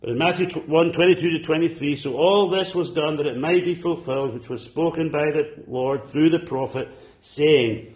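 A man preaches a church sermon in a high, light voice, calling out to his listeners with fervent exclamations. He swings between loud bursts and hushed asides. The sound carries an echoey room around it. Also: normal speed. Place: church service.

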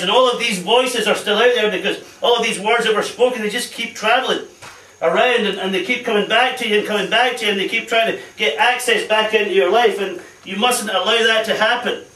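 A man's voice: sits high, pushed and bright, far from the mic. A man preaching a fervent sermon, calling out hallelujahs and amens along the way. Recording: echoey hall, voice off-mic.

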